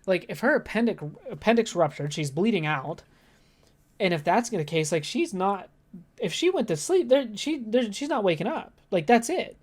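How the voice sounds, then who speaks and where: Speaking at a normal speed in a high, expressive voice, a man co-hosting a podcast retells a stressful story. It's casual and rambling, laced with profanity and endless "like"s, and he sounds anxious and worked up.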